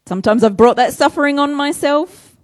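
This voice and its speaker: Brief: female preacher, chatty and self-deprecating, somewhat high voice, dry recording. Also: fairly quick, no echo. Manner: conversational, self-deprecating, rhetorical questions. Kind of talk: sermon.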